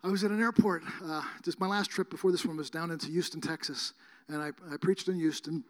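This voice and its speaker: A man's voice: fairly high pitch, steady tone, fast. A middle-aged man preaching a sermon, telling a story and acting out both sides of the conversation. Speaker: pastor. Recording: long reverb of a large hall.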